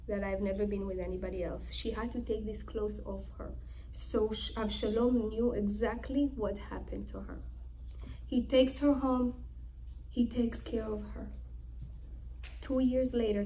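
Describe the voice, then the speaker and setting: A woman's voice: medium pitch, dark tone, a little hiss or hum, rough recording. A young woman teaching a scripture lesson through dramatic storytelling, acting out the quoted lines with emphasis. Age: young adult. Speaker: Torah teacher.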